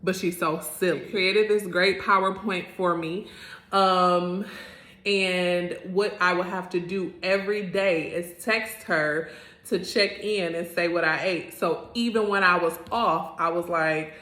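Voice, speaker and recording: Brief: woman in her 30s, vlogger, low voice, earnest and animated storytelling in a roomy, echoey space. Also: unhurried. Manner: earnest and animated, with lots of "like" fillers. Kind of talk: candid personal storytelling. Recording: roomy echo.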